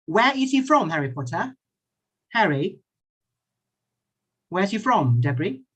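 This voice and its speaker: Speaking through a computer mic on a video call, a Thai-native man with a British English accent runs a playful online English lesson. He chuckles a lot and repeats questions slowly, his high voice sing-song and a bit bright.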